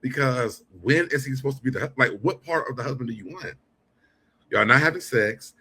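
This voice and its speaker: A man's voice: medium pitch, a little fast, bright, forceful tone, breathy edge. A man co-hosting a casual reality show recap, joking and reenacting conversations.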